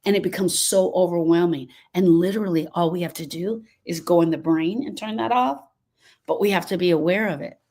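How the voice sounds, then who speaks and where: A woman with a fairly low, darkish voice and a slightly fast pace answers live stream viewers by name while coaching them on grief. She restates her points emphatically and is prone to digressions.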